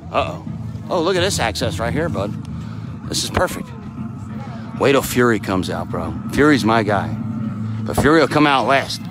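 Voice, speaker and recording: A man filming a live wrestling event from ringside, talking in a rowdy, excitable way and swearing freely. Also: mid-range voice, normal speed, very noisy. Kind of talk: loud excited ringside chatter. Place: indoor wrestling event in a crowd.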